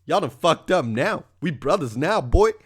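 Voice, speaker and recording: A man's voice: fairly high pitch, lively intonation, normal speed, husky, pitched above the performer's own voice. A man voicing an over-friendly party guy who calls everyone brother and family. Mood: boisterous. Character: over-friendly adult man partying at a hotel, sentimental, boastful.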